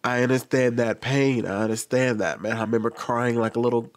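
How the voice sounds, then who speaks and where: A man's voice: medium pitch, steady tone, brisk. A young adult man commenting on a news story in an exasperated, lecturing way, repeating his pleas. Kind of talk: reaction commentary.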